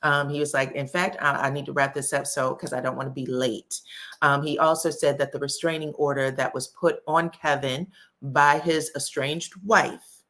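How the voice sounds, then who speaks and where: A woman's voice: sits low, steady tone, normal speed, a bit bright. A woman hosting a gossip channel, chatting casually to her viewers with lots of um fillers. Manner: chatty, frequent um fillers, addresses viewers directly. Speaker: host of a celebrity gossip channel.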